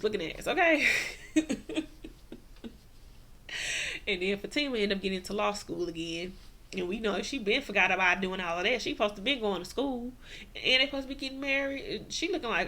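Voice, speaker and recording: A woman's voice: medium pitch, expressive, fairly quick, sharp tone. A woman giving a casual, slangy TV recap, acting out the characters' lines and laughing often. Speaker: TV recap vlogger.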